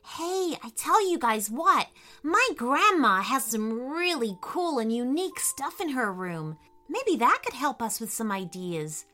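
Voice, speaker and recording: A woman voicing an excited, cheerful little girl in an eager, bubbly manner, for a storybook reading. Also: very high voice, slow pace, voice pushed up, heavily acted.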